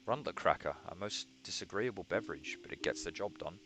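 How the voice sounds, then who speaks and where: Stiff, pompous young knight from a fantasy game, read by a man in a deep voice, formal and halting, guitar music behind. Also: animated. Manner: formal, stiff, stumbling over words.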